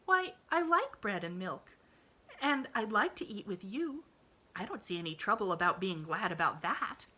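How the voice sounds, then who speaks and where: A woman voicing a cheerful, eager little girl who chatters in a high, breathless, bubbly voice. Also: sing-song, moderate pace, sharp tone, breathy edge, full character voice.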